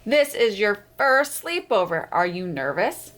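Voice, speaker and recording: Patient mother frog, gently scolding, slow and unhurried, read by a woman. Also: medium pitch, big pitch swings. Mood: kind.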